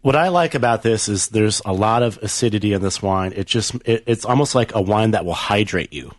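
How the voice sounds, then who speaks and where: A man's voice: fairly low pitch, brisk, no room sound, clean studio sound. A man co-hosting a casual wine show, chatty and enthusiastic about the wine.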